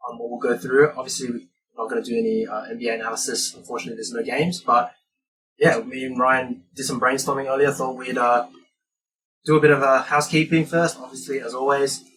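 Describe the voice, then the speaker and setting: A man's voice: medium pitch, fairly even intonation, fairly quick, a crowd in the background. A man co-hosting a podcast, laying out the episode plan in laid-back, easy banter. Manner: laid-back, steering the show. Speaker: podcast co-host. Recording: distant mic, noisy.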